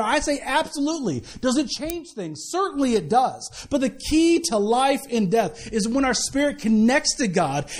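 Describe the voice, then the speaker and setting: A man with a strikingly high voice delivers a sermon at a church service. He talks to the congregation in a casual, lively way, stumbling into restarts and tossing off quick asides. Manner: conversational and animated, with many restarts and quick asides. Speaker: pastor.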